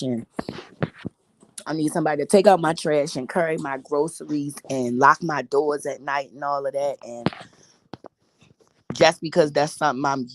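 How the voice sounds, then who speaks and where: A woman's voice: sits low, slight background noise. A middle-aged woman vlogging a candid story, with profane, emphatic and preachy talk.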